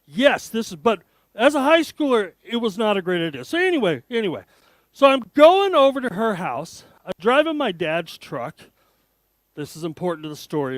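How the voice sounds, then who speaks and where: Guest speaker in his fifties, high-pitched and lively, joking at his own expense, dry close sound. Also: dry recording. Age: 50s. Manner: animated, self-deprecating, joking. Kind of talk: humorous storytelling talk to an audience.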